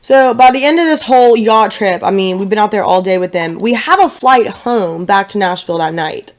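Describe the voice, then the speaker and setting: A woman's voice: mid-range voice, animated, moderate pace. A woman in her twenties from Tennessee, co-hosting a casual podcast and talking in a chatty, playful way with frequent laughs. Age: 20s. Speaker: podcast co-host. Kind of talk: casual chat.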